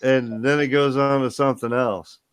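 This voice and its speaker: A man chats casually and laughs often, joking with family on a livestream. His pitch sits in an ordinary middle range. A faint hiss runs under his voice. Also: fairly even intonation, moderate pace. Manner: laughs often, jokes around. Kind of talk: casual chat.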